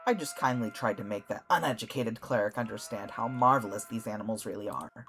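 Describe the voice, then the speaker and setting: A man's voice: on the low side, a little fast, fairly bright tone. A man doing a dramatic, indignant skeleton. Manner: theatrical, indignant. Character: skeletal male animal-lover, indignant and dramatic.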